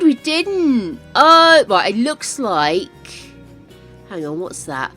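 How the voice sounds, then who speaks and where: An older woman chatting to viewers while playing a game on a live stream, easily excited. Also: on the low side, moderate pace, soft background music. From United Kingdom. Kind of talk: casual live-stream chat while gaming.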